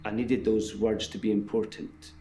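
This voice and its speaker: An actor playing a detached male patient in a full-motion video game, with an even, measured delivery. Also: on the low side, lightly acted. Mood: flat, detached. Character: calm, detached British male patient who walks through doors.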